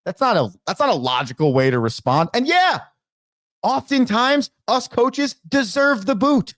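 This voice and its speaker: High, animated, ranting male sports host. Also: a little slow, dry recording, studio quality. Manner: emphatic, exasperated, ranting. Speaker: baseball coach and show host. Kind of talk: casual sports commentary rant.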